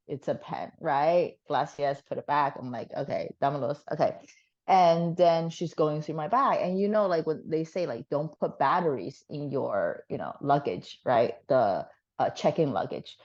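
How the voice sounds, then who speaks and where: A woman's voice: deep voice, normal speed, muffled recording. Laughing, swearing woman telling a story. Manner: animated, laughing storyteller who swears casually. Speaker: guest. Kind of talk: casual storytelling chat.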